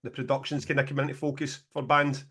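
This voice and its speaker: A Scottish man co-hosting a casual podcast, telling stories in an animated, sweary way and laughing often. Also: medium pitch, fast. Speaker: podcast co-host, promoter.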